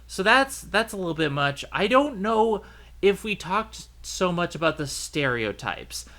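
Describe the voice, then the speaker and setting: A man with a high, bright voice hosts a casual podcast chat. He rambles, circles back and fills pauses as he goes. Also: big pitch swings. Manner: chatty, rambling with fillers and restarts. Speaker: podcast host.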